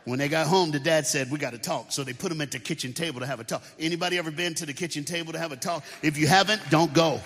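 Guest preacher, man, higher voice, playful and animated, works the crowd, long hall reverb. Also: rapid-fire, few pauses. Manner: animated, playful, audience call-and-response. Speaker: guest speaker. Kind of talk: comedic motivational storytelling talk. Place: large church auditorium with balcony.

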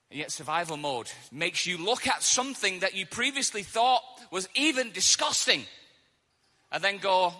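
Aussie guy preaching, super bright voice, bit high, acts out all the bits, long echo of a hall. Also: moderate pace. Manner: animated storytelling with acted-out quotes. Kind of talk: sermon.

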